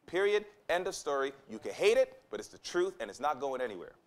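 A man preaching in a high, lively voice whose pitch leaps and falls. He is emphatic, repeats his key lines, and slips into quoted voices as he goes. Delivered as a sermon to a conference audience. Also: brisk. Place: conference hall.

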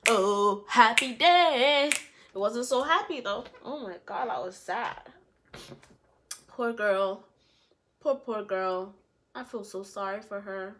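A woman with a mid-range voice speaks slowly, with long pauses, over a slight hiss or hum. A reality TV reviewer, she recaps an episode casually but animatedly, scolding the cast and mocking them in put-on voices.

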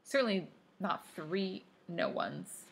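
A woman reading aloud, voicing a chatty teenage girl who is easily amused, in a slightly breathy voice. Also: on the low side, expressive, slow pace, exaggerated voice.

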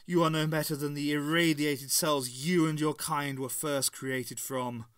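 A man's voice: on the high side, fairly even intonation, unhurried, a bit bright, clear, resonant tone, dry recording, studio quality. A man reading aloud voices a possessed, cruel woman ruler who sneers and gloats. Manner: sneering, exultant.

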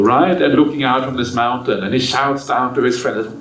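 A man, a monk, giving a relaxed, chatty Dharma talk at a retreat, peppered with "yeah?" and "uh" and acting out the characters in his stories. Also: medium pitch, moderate pace, hardly any pauses. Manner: acts out the characters in stories with lively voice changes. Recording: roomy, distant mic, faint room noise.

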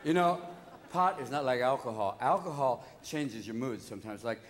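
A man doing live stand-up comedy on a theater stage, manic and rapid-fire with lots of cursing. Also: mid-range voice, animated, background noise. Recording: live theater audience laughing.

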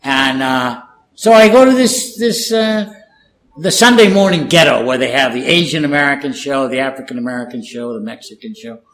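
On poor-quality audio, an older man from California, whose native language is Spanish, appears as an interview guest and former war correspondent. At normal speed and in a mid-range voice, he tells stories casually and animatedly, acting out the dialogue he relays.

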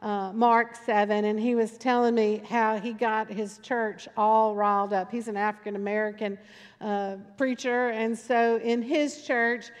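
A woman pastor delivers her sermon in a chatty, storytelling manner and hammers points home through repetition. Her voice sits a little high for a woman. It rings out with the long reverb of a church sanctuary. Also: little pitch movement, a little slow, clear, resonant tone. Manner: conversational storytelling with emphatic repetition.

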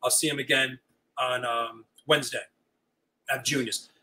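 An older man, a retiring high school teacher, telling stories as an interview guest and acting out the dialogue. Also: normal speed, rough recording. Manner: animated, acts out quoted dialogue. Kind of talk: storytelling chat.

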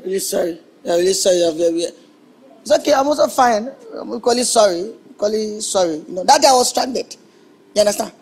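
A man playing an excitable young electrician who stammers and protests dramatically. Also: high voice, fast talker, husky, full character voice. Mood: sheepish. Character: excitable young male electrician, indignant and mocking. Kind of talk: Nollywood film acting.

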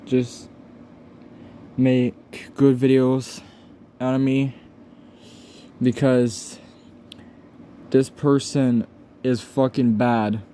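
A man near tears in an upset vlog rant, pleading with viewers, swearing and halting over his words. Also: mid-range voice, little pitch movement, dark tone, a little hiss or hum. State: close to tears. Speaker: channel owner.

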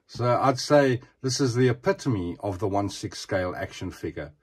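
A man's voice: on the low side, lively intonation, moderate pace, breathy edge. A man chatting casually as he shows off an action figure, often asking the viewer "eh?". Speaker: action figure collector showing a figure. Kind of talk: casual show-and-tell vlog.

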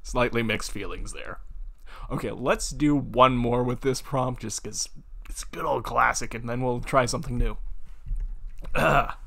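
A man's voice: mid-range voice, a little slow, gravelly, a bit bright. A young man reading computer-written stories aloud at his home desk, with amused, giggly asides that trail off. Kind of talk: casual reading with commentary. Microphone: home mic without pop filter.

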